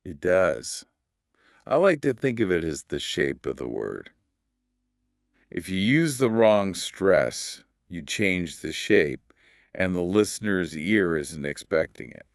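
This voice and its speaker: A man hosting a podcast, explaining English pronunciation in a calm, measured scripted teaching dialogue. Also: low voice, gravelly, no echo, studio quality.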